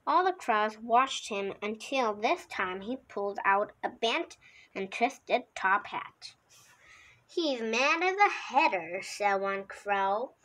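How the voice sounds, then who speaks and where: A woman's voice: mid-range voice, pushed and bright, rough recording. A woman reading a children's picture book aloud, with the odd slip and restart. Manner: slow, unhurried reading with occasional slips and restarts. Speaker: storybook reader.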